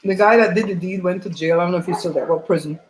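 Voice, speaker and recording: A woman hosting a livestream, chatting and telling stories in an animated way while eating at home on a laptop mic. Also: on the low side, quick pace, echoey room, a little hiss or hum, rough recording. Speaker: host.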